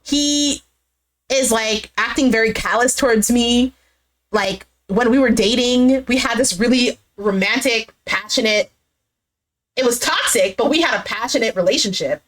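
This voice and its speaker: A woman's voice: a little high, unhurried, fairly bright tone. A woman chatting casually as she recaps a reality dating show, acting out what people said and swearing now and then.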